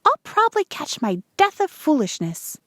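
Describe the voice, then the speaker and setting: A woman reading aloud, voicing a brisk farm mother who turns hoarse with a cold, in a high, lively voice. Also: no room sound, studio quality, heavily acted. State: hoarse and croaking when sick. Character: worried farm wife, mother, turning hoarse.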